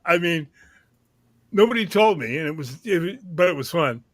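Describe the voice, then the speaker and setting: A man's voice: fairly high pitch, expressive, moderate pace, fairly bright tone. A man who used to work in radio, telling a self-deprecating story in casual chat. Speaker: guest, former radio DJ.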